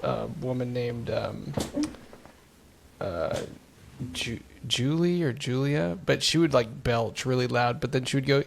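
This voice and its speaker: A man chatting on a podcast in a rambling, easygoing way, his voice gravelly with a bit of fry. He stops and restarts often as he works through a thought. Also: mid-range voice, animated, measured pace, slight background noise. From United States. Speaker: podcast co-host. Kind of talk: casual chat.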